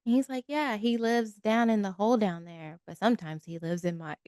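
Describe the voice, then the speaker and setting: A podcast co-host with a mid-range, darkish voice chats casually and briskly about a movie, laughing easily and acting out quotes from it in a conversational recap. The studio-quality recording has no echo.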